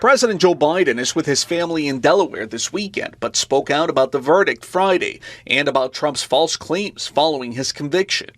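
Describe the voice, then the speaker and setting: A man's voice: on the high side, fairly quick, few pauses, dry recording. Male correspondent's news voice-over. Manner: crisp, even reporting cadence.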